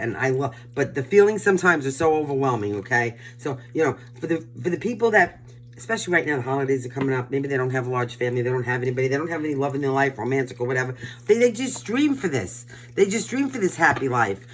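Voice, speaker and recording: A woman's voice: low voice, fairly bright tone. Older brooklyn lady w/ new york accent doing a tarot reading, blunt and pushy, lots of emphasis. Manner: blunt, emphatic, pep-talk delivery. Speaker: tarot reader. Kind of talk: casual collective tarot reading.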